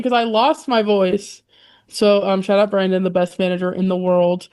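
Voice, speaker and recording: A woman's voice: mid-range voice, steady tone, normal speed, a little mellow, clean tone. Blunt young woman on a podcast. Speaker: podcast co-host. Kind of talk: casual chat.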